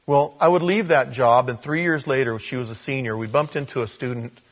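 A man preaching a sermon, telling a story that jumps between hushed asides and loud, emphatic high points. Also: fairly quick. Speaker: pastor.

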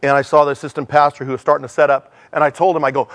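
Middle-aged guy preaching in church, chatty storytelling, pokes fun at himself, voice on the higher side. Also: racing. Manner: animated, acts out dialogue in changing voices; self-deprecating and conversational. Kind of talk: sermon with storytelling.

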